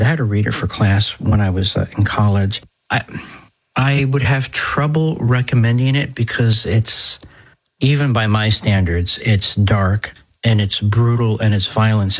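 A middle-aged Catholic priest hosting a talk show, speaking in a conversational, digressive way with folksy exclamations. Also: male voice, mid-range voice, slightly rough, low-quality recording. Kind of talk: podcast talk.

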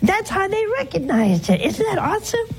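A nun hosting a call-in show, preaching and answering callers in a slow, earnest way, swooping up in pitch for emphasis. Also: female voice, sing-song, a little hiss or hum, low-quality recording.

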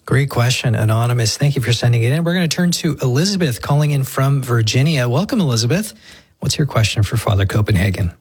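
A man hosting a radio call-in show, thanking a listener and introducing the next caller in a brisk, welcoming way. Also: mid-range voice, animated, darkish tone, breathy edge.

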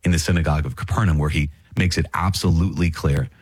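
A man's voice: rumbling low, fairly even intonation, quick pace, husky, no room sound. A man hosting a podcast on the Catholic catechism, reading passages and then explaining them in an earnest, chatty way, often repeating key phrases. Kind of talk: casual teaching with read passages.

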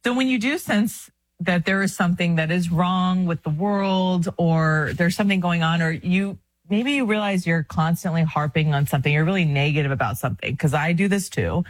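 A chatty woman in her thirties talks earnestly in a casual faith podcast. Her voice sits a little low for a woman and is recorded close and dry. She speaks with warmth of conviction, animated and quick to laugh. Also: no echo. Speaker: podcast co-host.

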